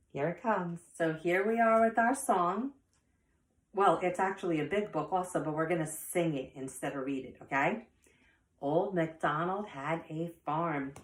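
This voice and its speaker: A woman's voice: low voice, roomy sound. A woman teacher leading an online lesson for young children, in a sing-song voice that acts out animal sounds. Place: home.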